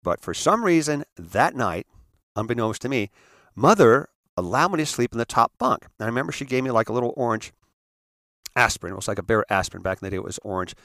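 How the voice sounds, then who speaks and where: An earnest man from the San Francisco area recounts a memory in a halting way, restarting and repeating his words. His voice sits at an ordinary pitch for a man. The recording is dry and close. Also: lively intonation, a bit bright, no room sound. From San Francisco area, United States. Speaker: speaker telling his life story. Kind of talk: personal storytelling talk.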